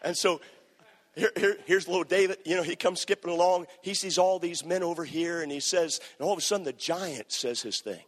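A man preaching a sermon, animated and playful as he acts out scenes for the crowd. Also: high voice, brisk. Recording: echoey hall.

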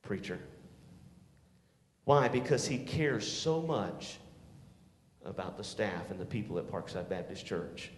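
A man preaching a sermon to teenagers, swinging from shouts to hushed tones and calling for responses. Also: fairly low pitch, animated, unhurried, long pauses. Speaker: youth pastor. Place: church sanctuary. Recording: echoey hall.

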